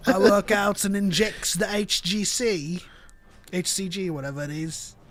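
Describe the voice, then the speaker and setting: A man's voice: sits high, measured pace, a bit bright, pitched above the performer's own voice. A man doing a boastful Northern English alien brute. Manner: boastful, bragging. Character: burly male alien crewman, boastful gym brute.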